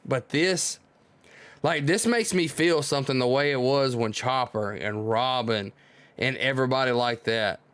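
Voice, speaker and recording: A man streaming a live manga reading, reacting out loud with excitement and musing as he reads. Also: medium pitch, unhurried, smooth, dry recording. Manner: excitable, exclaims and muses aloud.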